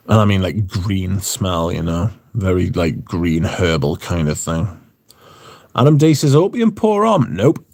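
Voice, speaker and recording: A man's voice: on the low side, darkish tone. A British man hosting a livestream, chatting casually and reading out viewer comments, swearing freely. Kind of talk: casual chat.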